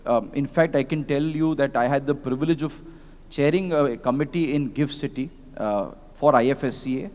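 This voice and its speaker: A man with an Indian English accent, speaking on a conference panel and telling anecdotes in a lively way, slipping into Hindi phrases. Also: medium pitch, moderate pace. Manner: animated storyteller who mixes in Hindi phrases. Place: large convention hall. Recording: long reverb of a conference hall.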